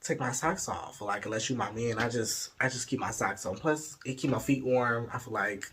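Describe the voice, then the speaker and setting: A man's voice: mid-range voice, normal speed, heavy background noise. A young man telling a frank, profane, playful story in a casual way, slipping into the voices of the people in it. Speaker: vlogger.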